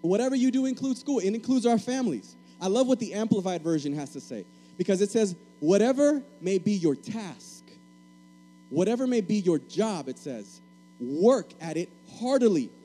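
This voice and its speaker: A man's voice: sits high, lively intonation, moderate pace, mellow, faint music behind, poor audio. A man from Puerto Rico preaching a sermon, emphatic and repeating key phrases, calling for answers from the congregation.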